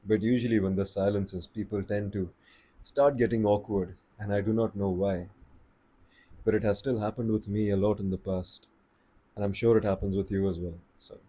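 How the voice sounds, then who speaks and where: Low husky-voiced man giving advice. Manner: relaxed, unhurried, conversational, slows down for emphasis. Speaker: vlogger giving voice tips. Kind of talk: casual advice talk to camera.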